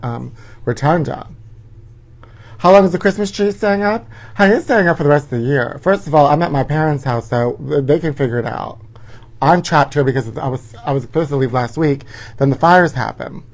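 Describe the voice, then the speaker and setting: A campy man dishes gossip in a sassy, theatrical drawl, tossing out "honey" at every turn. His pitch sits in an ordinary middle range for a man, and he talks like a live show host chatting straight to his audience from home. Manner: sassy, campy, keeps calling listeners honey. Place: indoors at his parents' house.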